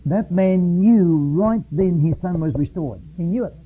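A man preaching a sermon, reading passages aloud slowly and solemnly, then explaining in his own words with some restarts. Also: high voice. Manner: reads slowly and solemnly, then speaks freely with repeats. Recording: phone-like lo-fi line.

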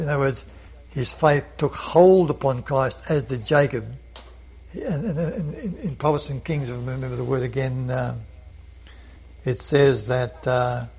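A man's voice: mid-range voice, darkish tone, slightly rough, rough recording. A man leading a Bible study lesson, earnest, often repeating words and asking rhetorical questions.

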